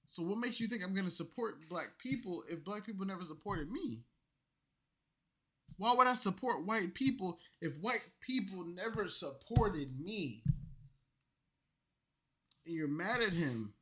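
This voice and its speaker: A man reacting to clips in a loose, profane rant, tipsy, swinging between loud outbursts and low mumbling. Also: animated, unhurried, long pauses. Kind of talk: loose ranting commentary.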